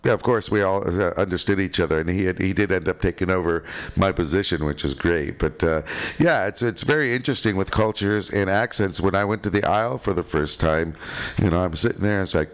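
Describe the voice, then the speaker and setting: A man's voice: deep voice, brisk. Rambling middle-aged American man. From California. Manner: rambling, full of fillers and "you know". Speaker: radio show co-host. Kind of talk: casual chat.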